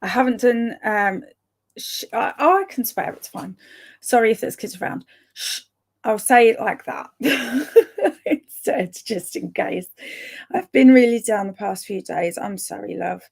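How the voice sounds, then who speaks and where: A woman chatting casually with live viewers, reading out their comments, chatty and excitable, with a gravelly voice. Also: mid-range voice, normal speed. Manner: chatty and excitable, breaks into laughs and sudden whispers. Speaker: streamer reading live chat.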